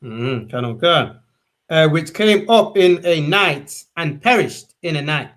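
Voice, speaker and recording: A man reading old-fashioned scripture aloud, halting and stumbling with fillers. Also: on the high side, lively intonation, a bit bright. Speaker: scripture reader.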